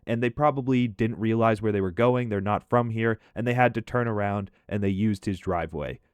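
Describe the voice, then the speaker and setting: A man telling a profane, animated story in a casual commentary over gameplay. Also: fairly low pitch, brisk, clean tone, dry recording.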